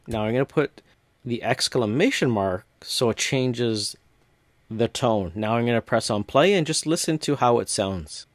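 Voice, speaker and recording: Male tutorial host, step-by-step casual walkthrough, dry close sound, mid pitch. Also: moderate pace, dry recording. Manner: relaxed step-by-step narration with casual fillers. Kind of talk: screen-recorded software walkthrough.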